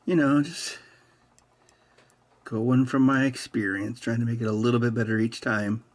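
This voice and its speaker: A man's voice: mid-range voice, steady tone, normal speed. A man hosting a casual livestream while he works, rambling along with dry, teasing humor. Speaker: host of a hardware hacking stream.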